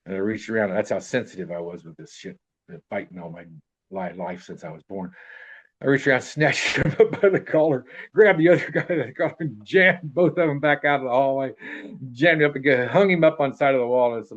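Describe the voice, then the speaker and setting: A man's voice: medium pitch, fast. An older man in his seventies telling a long personal story in a rambling, profane way, acting out what people said. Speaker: interviewee telling a life story. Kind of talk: casual spoken anecdote. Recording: dull, muffled lo-fi recording.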